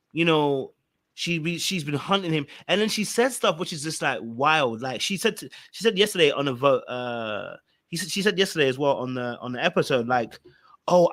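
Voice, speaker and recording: A man, co-hosting a podcast and giving animated, emphatic reality-TV commentary, repeating phrases for effect. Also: on the high side, dry recording. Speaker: podcast co-host.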